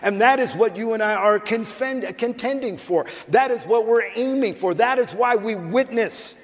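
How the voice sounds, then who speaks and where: Older male preacher, high voice, emphatic and conversational, long hall reverb. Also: normal speed. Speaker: pastor. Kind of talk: sermon. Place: church sanctuary.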